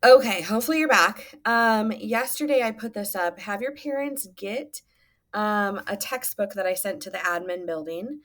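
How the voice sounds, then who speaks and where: A woman's voice: mid-range voice, animated, moderate pace, fairly bright tone. A woman teacher giving a recorded lesson to students, patient and instructive, with frequent "um" fillers.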